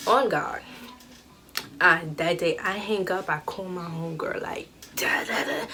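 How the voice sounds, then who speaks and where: A young woman vlogger telling a casual storytime, animated and slangy, acting out the dialogue. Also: on the low side, unhurried, slight background noise.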